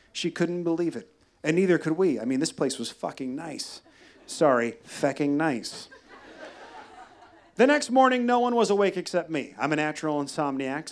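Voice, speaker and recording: A man telling a wry, deadpan personal story at a live storytelling show. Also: a little high. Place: live venue.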